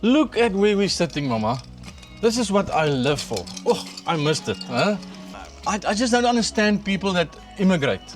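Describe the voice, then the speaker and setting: A man's voice: high-pitched, big pitch swings, normal speed, soft background music. A South African man, chatting casually on his vlog, enthusiastic and stumbling over repeated words. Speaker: vlogger. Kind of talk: casual chat. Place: outdoors at a mountain cabin.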